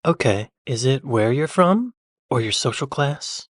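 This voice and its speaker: A man's voice: medium pitch, lively intonation, unhurried, no echo, studio quality. An American man hosting a reaction channel, thinking aloud and asking puzzled questions in casual commentary. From United States.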